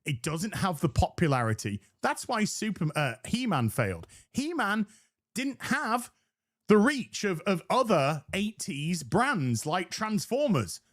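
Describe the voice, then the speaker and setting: A man's voice: sits high, very animated, unhurried, a bit bright. A man co-hosting a livestream, talking emphatically and swearing, firing off rhetorical questions. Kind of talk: casual livestream chat.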